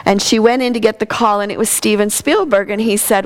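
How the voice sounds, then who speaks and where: A woman minister giving a sermon, telling a story in a relaxed, conversational way. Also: medium pitch, a little fast.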